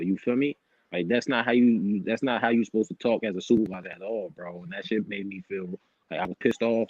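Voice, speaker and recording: A young man with a lowish voice swears his way through a casual story about his boss, animatedly acting out their heated exchange and quoting the outbursts. The recording is dry, dull, and lo-fi.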